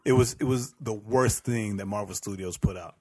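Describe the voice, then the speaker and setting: A man's voice: on the low side, moderate pace, a little mellow. Emphatic man from New York. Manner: emphatic, repeats words for effect. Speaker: podcast co-host. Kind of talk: casual chat.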